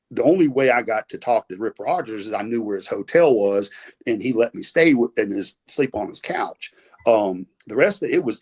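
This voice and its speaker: A middle-aged man with a Southern US accent talks casually as a podcast guest. His voice is husky and his pitch sits in the middle. He rambles, with many fillers and restarts. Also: darkish tone. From American South. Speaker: podcast guest, former wrestler. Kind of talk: casual storytelling interview.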